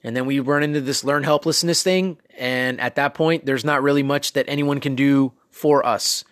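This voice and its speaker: A self-improvement podcast host gives a casual motivational talk, coaching listeners conversationally with many fillers and asides. He has a medium-pitched voice, fairly even intonation, and a moderate pace, recorded in clean studio sound with no room sound.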